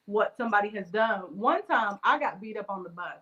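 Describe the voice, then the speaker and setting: A woman's voice: medium pitch, lively intonation, a little fast, dull audio, crowd noise. A woman in a casual panel chat who drops playful, encouraging remarks and steers the talk.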